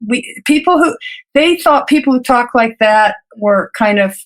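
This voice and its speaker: A woman physician telling her personal story in an interview, earnest and reflective, with halting restarts and light laughs between thoughts. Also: a little high, expressive. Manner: halting restarts and repeated words. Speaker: physician guest.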